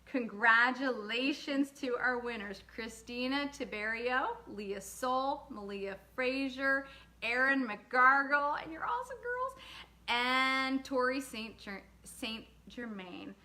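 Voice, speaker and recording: Bright-voiced woman chatting on a livestream. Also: fairly high pitch, slow. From lived in the US state of Georgia. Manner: chatty, warm shout-outs to viewers, laughing asides. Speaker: author hosting a livestream. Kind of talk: casual livestream chat with viewers.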